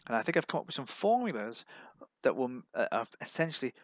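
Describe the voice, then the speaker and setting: A man's voice: medium pitch, fast talker, no room sound. Man telling dry one-liners. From England. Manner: deadpan one-liners with put-on voices for others. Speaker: stand-up comedian. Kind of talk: live-streamed stand-up set.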